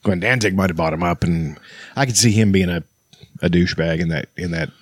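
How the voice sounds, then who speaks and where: A man co-hosting a podcast in casual, rambling chat, profane and animated as he tells stories. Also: deep voice, a little fast, husky, dry recording, clean studio sound. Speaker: podcast co-host.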